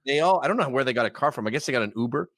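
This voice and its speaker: Animated Canadian man telling stories. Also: mid-range voice, very fast, no echo. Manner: animated, acts out quoted people in loud put-on voices. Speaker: podcast guest. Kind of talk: casual storytelling.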